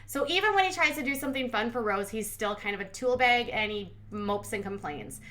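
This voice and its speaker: Host, female, slightly high voice; casual sarcastic recap commentary, blunt and chatty. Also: animated, brisk, fairly bright tone. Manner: sarcastic, blunt, heavy use of "like".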